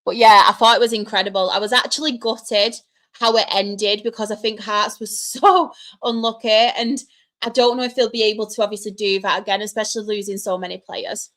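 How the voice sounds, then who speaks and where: A woman's voice: medium pitch, steady tone, moderate pace, fairly bright tone. A young woman hosting a casual live Q&A stream, chatting, greeting viewers by name and laughing often. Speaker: live stream host reading chat.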